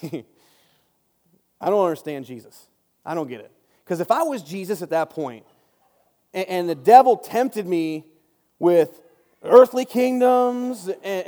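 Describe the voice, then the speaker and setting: A man's voice: high-pitched, expressive, measured pace, long pauses, darkish tone. A man giving a casual Bible study talk, chatty and joking, often breaking off into asides. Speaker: Bible teacher. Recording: long reverb.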